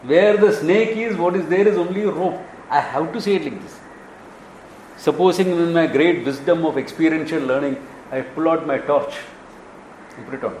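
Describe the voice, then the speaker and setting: Animated Indian man teaching Vedanta. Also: a little high, normal speed, reverberant, a little hiss or hum, rough recording. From Kerala, India. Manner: animated storytelling, acts out dialogues, chuckles often. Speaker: spiritual teacher. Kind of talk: Vedanta discourse.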